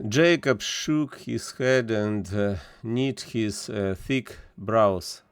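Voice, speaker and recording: A man reading a novel aloud as narrator, measured and deliberate, with an occasional filler. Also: on the low side, clean tone, no room sound, faint music behind. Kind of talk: audiobook reading.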